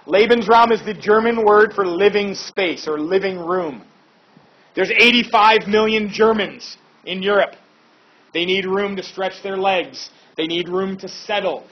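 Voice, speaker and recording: A man's voice: sits high, a little hiss or hum. A man teaching a history lesson in a casual, chatty way, with informal asides and fillers. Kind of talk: casual classroom lecture. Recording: dull lo-fi recording.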